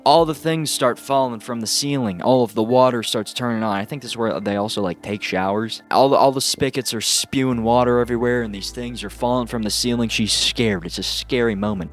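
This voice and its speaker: A man's voice: mid-range voice, a little fast, soft background music. Sarcastic man recapping a movie. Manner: sarcastic, excitable, lots of fillers. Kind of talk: casual comedic movie recap.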